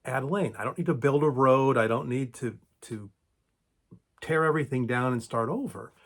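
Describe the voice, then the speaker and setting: A middle-aged man with a mid-pitched voice speaks thoughtfully to his camera as the host of his own channel. He often restarts sentences and repeats words while searching for the right phrasing. His pitch lifts brightly on the words he wants to stress. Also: moderate pace. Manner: thoughtful, with lively rises in pitch on key words. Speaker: creator and host of a video channel. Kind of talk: reflective solo talk to camera.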